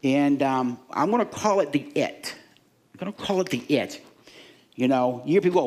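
Animated, high-voiced male preacher. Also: moderate pace. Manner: animated preaching, acts out inner voices and fans. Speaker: pastor. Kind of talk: sermon.

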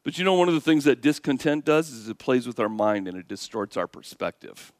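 A man preaching a sermon, animated, swinging from hushed asides to loud exclamations. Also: mid-range voice, quick pace, no echo, clean studio sound. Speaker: pastor.

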